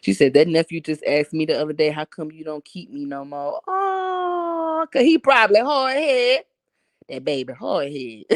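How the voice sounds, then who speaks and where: Reading her chat on a casual livestream, this Harlem woman talks bluntly, jokes and laughs a lot, her New York accent carrying a hint of Southern drawl. Her fairly low voice swings hugely in pitch and takes its time. Phone mic, no echo.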